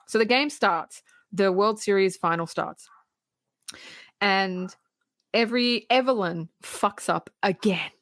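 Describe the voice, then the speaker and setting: A podcast co-host recaps a film in lively, casual chat, laughing and slipping into the characters' lines. Her voice sits at an average pitch for a woman. The recording is dry and close. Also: takes it slowly, pauses often, dry recording. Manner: animated retelling, laughing, acting out quotes.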